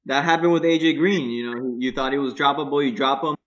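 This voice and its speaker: A man's voice: mid-range voice, steady tone, a little fast, fairly bright tone. A man co-hosting a sports podcast, teasing and pushing the others along. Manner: teasing, pushy. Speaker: podcast co-host steering the segment. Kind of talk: casual sports chat.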